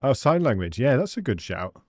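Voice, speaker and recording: A man's voice: mid-range voice, sing-song, fairly quick, a little mellow. A man with an English accent chatting casually with viewers while live-streaming a hunting game, laughing often and calling people mate. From England. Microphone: studio dynamic microphone.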